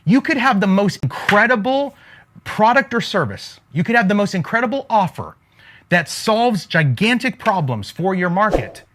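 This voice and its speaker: A man delivers a faith-flavored business pep talk to camera with the rhythm of a preacher. His voice sits high and moves a lot, rising and falling as he drives his points home and throws questions back at his listeners. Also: big pitch swings, moderate pace, fairly bright tone, slight background noise. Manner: emphatic, preacher-like cadence with call-and-response asides. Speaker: faith-based business coach.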